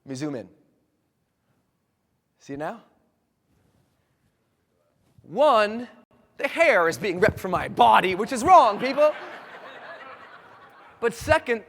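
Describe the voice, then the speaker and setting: High-voiced guy doing an animated stage talk, swoopy pitch, big hall echo. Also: takes it slowly, pauses often. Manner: theatrical, shouts and sound effects, laughs while telling. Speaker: motivational speaker. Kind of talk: animated storytelling talk to an audience.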